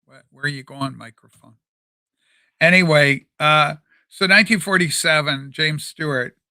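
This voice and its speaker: Bright-voiced, rambling male livestream host. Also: a little high, moderate pace, dry recording. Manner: rambling and animated, with many fillers. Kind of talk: casual livestream chat. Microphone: desk microphone.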